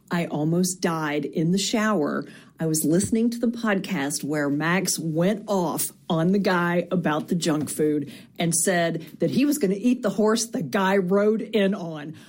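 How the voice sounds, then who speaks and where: Bubbly woman caller, lowish voice. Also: a little mellow. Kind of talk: voicemail message.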